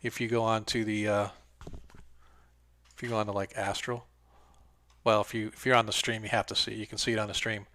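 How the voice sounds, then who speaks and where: A man's voice: fairly low pitch, level tone, fairly quick, pauses often, bright, forceful tone. A man acting as game master, chatting loosely and trailing off mid-sentence while he sets up maps for an online game. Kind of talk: casual pre-game chat.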